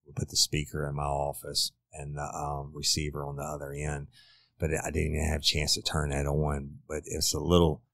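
A man's voice: very deep voice, completely flat delivery, moderate pace, gravelly, no room sound. A middle-aged man, a former detective, bluntly retelling a crime case in a casual, profane way. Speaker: former detective, podcast host. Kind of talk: true crime storytelling.

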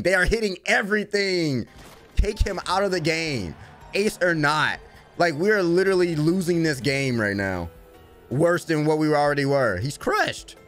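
A young man hosting an anime reaction, casual and slangy, swinging from low grumbling to loud cheering as he talks to the screen. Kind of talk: excited reaction commentary.

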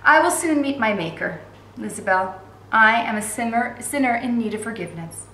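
A woman voicing a frail, sickly elderly noblewoman who speaks softly and gently in a storybook reading. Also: on the high side, expressive, moderate pace, roomy sound. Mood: confessional.

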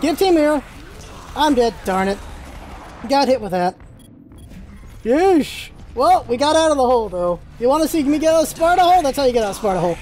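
A gaming channel host giving live gameplay commentary, excitable and firing off rapid callouts to teammates. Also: sits high, slight background noise.

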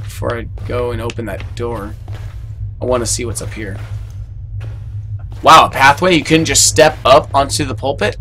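A man commentating his own horror gameplay, swearing a lot and yelling in panic when the game startles him. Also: mid-range voice, fairly even intonation, moderate pace, long pauses, faint music behind.

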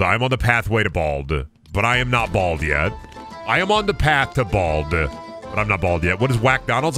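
A man's voice: mid-range voice, animated, normal speed, sharp tone, soft background music. A young man streaming a video game, chatting casually, goofing around and swearing often. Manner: goofy, swears a lot, does silly voices and noises. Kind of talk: casual gaming stream chat.

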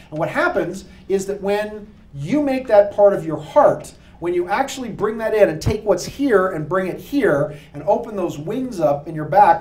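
Guy giving a lively talk to a crowd, kinda high voice, sounds far from the mic. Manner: animated, jokey, preacher-like. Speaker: speaker giving a lecture. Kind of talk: live talk to an audience. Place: room with an audience. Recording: echoey room, voice picked up from afar.

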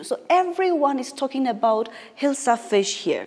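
A woman's voice: sits high, very animated, normal speed, a little mellow, breathy edge. Patient woman teacher in an echoey room. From Nagaland, India. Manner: patient, explanatory, rereads and paraphrases lines. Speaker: English teacher. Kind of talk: classroom lesson explaining a story. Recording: echoey room with long reverb.

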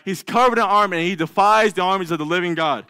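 Male preacher, church sermon, somewhat high voice, dry close sound, acts out scripture characters. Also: fast talker, pushed and bright, clear, resonant tone, dry recording. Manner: acts out biblical figures' doubts in a raised voice; reads scripture aloud, with some stumbles. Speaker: lay preacher.

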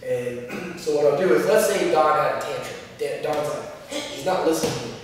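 A man's voice: on the high side, animated, moderate pace, a little hiss or hum. A male martial arts instructor explaining class methods in a practical way, acting out short examples as he teaches. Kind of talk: instructional talk. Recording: echoey room, distant mic.

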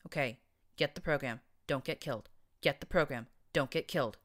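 A woman's voice: very deep voice, normal speed. A scrawny, nervous young stallion, voiced by a woman reading a story aloud. He whines and mutters anxiously in a raised, thin voice.

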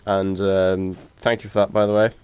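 A man's voice: deep voice, level tone, normal speed, darkish tone, clear, resonant tone. A man with a Norwegian accent, giving casual gameplay commentary and joking at the game characters, swearing now and then. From Norway. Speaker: let's play commentator.

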